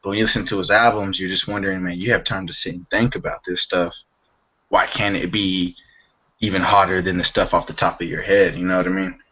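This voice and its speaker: A young man on a podcast talks in a slangy, easygoing way, tossing in "man" and "bro" as he goes. His voice sits a little low, and the recording is somewhat dull and lo-fi. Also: little pitch movement, a little fast, husky. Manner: slangy, loose, calls everyone bro and man. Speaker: podcast co-host. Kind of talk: casual chat.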